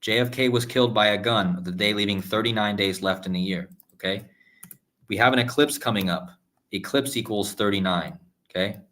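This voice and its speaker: A man's voice: on the low side, a bit bright. A man hosting a live stream, talking insistently to his viewers, repeating himself often and stopping to restart his sentences. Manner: insistent, repeats "okay?" and "guys", halting restarts. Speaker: numerology video host. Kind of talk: live-stream screen-share monologue.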